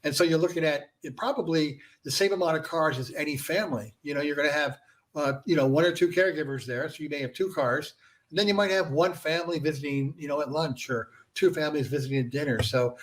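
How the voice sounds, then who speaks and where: A man, a franchise founder and guest, explaining his business in a casual interview and filling pauses with "you know". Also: a little high. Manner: conversational, filler-heavy with frequent "you know".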